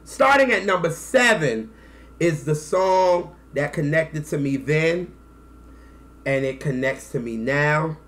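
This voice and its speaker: A man in his thirties telling a personal story to camera in a casual, animated way, acting out quotes and close to tears. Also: fairly high pitch, takes it slowly. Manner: animated, acts out quotes, slangy. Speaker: music vlogger.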